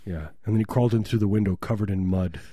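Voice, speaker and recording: A man's voice: lowish voice, fast talker, mellow, husky, no echo. A man co-hosting a comedy podcast, rambling through absurd jokes in casual banter. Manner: rambling absurd riffing, frequent laughs.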